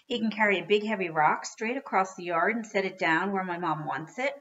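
A woman reading a children's book aloud with expressive storytelling. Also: mid-range voice, brisk, dull audio. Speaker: reader.

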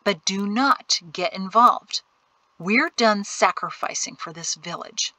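A woman's voice: medium pitch, slow, pushed and bright, no echo. A woman reading the part of a stern male colonel in an audiobook, giving urgent orders. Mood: firm.

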